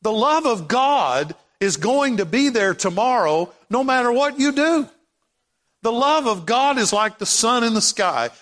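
A male pastor preaching with a notably high voice that carries through a church sanctuary, its long reverb trailing after each line. He moves from quiet prayer to impassioned, emphatic repetition. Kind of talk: sermon.

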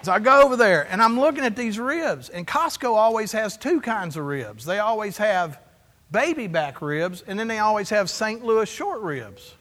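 A man's voice: sits high, normal speed. A male pastor preaching a sermon in a church, telling stories and acting out the dialogue. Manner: storytelling, animated, acts out dialogue. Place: church sanctuary. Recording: long hall reverb.

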